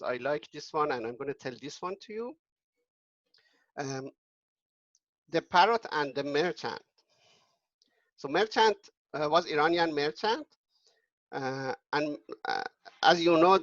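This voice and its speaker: A man tells an old folk tale casually to a group. His slightly high voice halts and restarts often. The sound is dry and a little dull. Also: a bit bright, no echo. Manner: halting, with many restarts and fillers. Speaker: storyteller. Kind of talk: casual storytelling.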